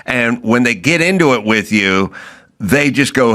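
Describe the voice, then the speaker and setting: A man's voice: mid-range voice, expressive, measured pace, sharp tone. A man hosting a podcast, riffing in casual comedic chat and building absurd bits toward punchlines. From California. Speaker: podcast host.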